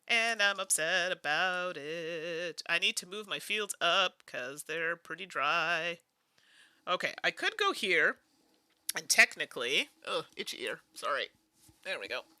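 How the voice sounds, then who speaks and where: A woman's voice: lowish voice, expressive, unhurried, pushed and bright, clear, resonant tone, no room sound. A woman from Canada hosting a casual solo board game playthrough, thinking aloud and chatting with viewers. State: tired. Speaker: host.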